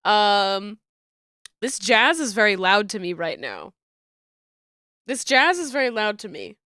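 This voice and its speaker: A woman's voice: medium pitch, big pitch swings, takes it slowly, pushed and bright, smooth, dry recording, clean studio sound. A woman streaming from her home desk setup, chatting casually with viewers, stuffy and congested, laughing often.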